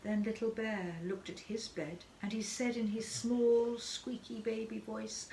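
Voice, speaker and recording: A woman's voice: on the high side, level tone, unhurried, gravelly, few pauses, dark tone. Woman reading a kids story, bouncy sing-song voice, echoey room, faint background noise. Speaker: narrator.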